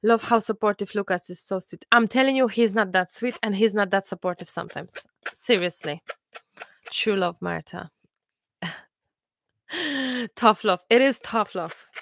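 A woman in her thirties hosting a live crafting class, chatting and telling stories in a lively way with many restarts. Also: mid-range voice, a little slow, gravelly, pauses often, a little hiss or hum. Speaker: crafting channel host. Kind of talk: casual chat during a live crafting class.

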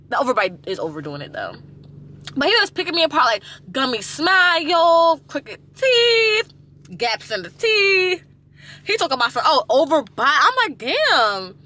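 A woman's voice: high-pitched, pushed and bright. A woman in her twenties chatting casually to her camera in a vlog, outspoken and blunt with lots of slang. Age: 20s. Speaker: vlogger. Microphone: compact camera held close.

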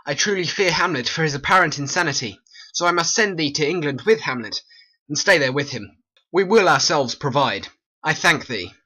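A performer playing a guilty scheming king, bright voice. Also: mid-range voice, animated, normal speed. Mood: commanding. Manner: solemn amateur verse reading. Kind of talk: amateur animated play voice-over.

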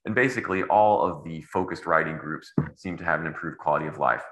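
A man's voice: a bass voice, fast talker, a bit bright, echoey room, low-quality recording. A middle-aged man giving a medical lecture in a casual, digressive way with wry asides. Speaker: anesthesiologist giving grand rounds.

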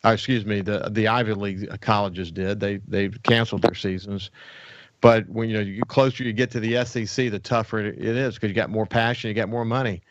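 A man's voice: lowish voice, fairly even intonation, fairly quick, lo-fi sound. A man hosting a radio talk show, chatting casually with a guest and trailing through fillers. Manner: rambling, with fillers and restarts.

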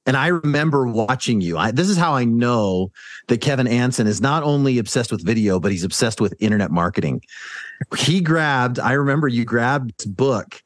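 A man's voice: medium pitch, lively intonation, moderate pace, dry recording, studio quality. A man co-hosting a podcast, upbeat and chatty, often restarting his sentences. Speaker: podcast co-host. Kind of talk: casual podcast chat.

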